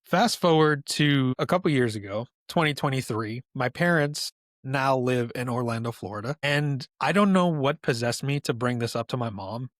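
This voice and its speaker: A man, a podcast guest telling a childhood story in a casual, animated way and laughing often. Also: medium pitch, normal speed, no echo, studio quality. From New York, USA.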